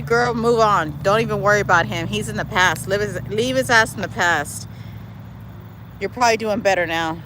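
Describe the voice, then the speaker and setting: Sassy middle-aged woman, casual livestream chat, phone mic outdoors, faint traffic noise behind. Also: mid-range voice. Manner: chatty, sassy, addresses viewers as y'all and girl. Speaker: livestream host touring her garden. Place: outdoors in a backyard garden. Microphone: phone held while walking.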